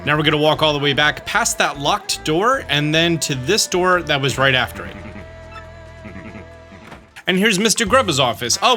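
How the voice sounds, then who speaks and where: Man, let's play host, game walkthrough, jokey asides, bright tense voice, slightly high.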